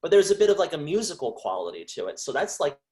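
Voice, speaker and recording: A man who is a voice actor, talking as a guest in a casual interview, halting and restarting his sentences often. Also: on the high side, sing-song, darkish tone. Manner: halting, with frequent restarts and trailing phrases.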